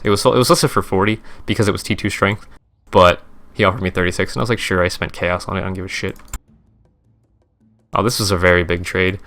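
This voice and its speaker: A man's voice: fairly low pitch, fairly bright tone. A young man, a streamer, casually recapping his game trades in a rambling, profane, self-correcting way.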